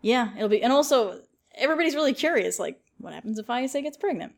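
A woman's voice: on the high side, lively intonation, fast talker, gravelly. A young woman chatting casually as a podcast co-host, rambling and laughing often. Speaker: podcast co-host, series writer. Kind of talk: casual chat.

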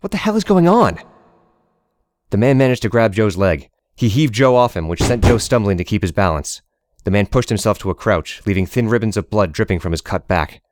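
Steady and measured, a man reads a story aloud as an audiobook narrator. His voice is very low. The recording is dry and close, with no sense of a room around it.

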